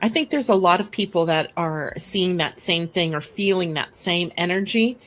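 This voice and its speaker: A middle-aged woman hosting a live astrology show, chatting casually and telling stories with lively acted-out quotes. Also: fairly low pitch, moderate pace. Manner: animated storyteller who acts out quoted speech. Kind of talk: casual conversational storytelling.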